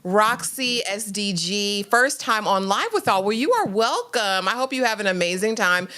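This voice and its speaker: Animated woman greeting a live-stream chat. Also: mid-range voice, normal speed. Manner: greets chat viewers by name, animated and emphatic. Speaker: co-host of a live TV recap stream.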